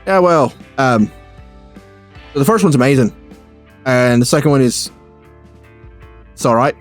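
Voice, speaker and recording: A man putting on a deliberately bad Irish accent to voice a blunt, laid-back Irish coworker. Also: mid-range voice, lively intonation, soft background music, natural voice. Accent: Irish, put on.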